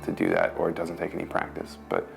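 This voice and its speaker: A young man in his twenties, soft and reflective, interviewed at home. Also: sits low, very animated, fast talker, creaky. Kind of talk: recorded news interview. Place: home, indoors. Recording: faint music bed underneath.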